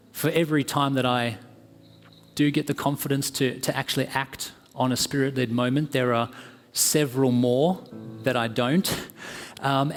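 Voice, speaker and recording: Earnest Australian man preaching in a hall. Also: mid-range voice. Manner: earnest, conversational storytelling with fillers. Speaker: guest preacher. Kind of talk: sermon. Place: church hall. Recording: church hall with long reverb.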